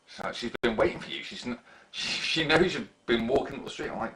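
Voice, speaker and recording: A man's voice: mid-range voice, lively intonation, a little fast, a bit bright, rough recording. Sweary man telling stories. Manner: sweary, laughing storyteller. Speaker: live stream participant. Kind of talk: casual chat.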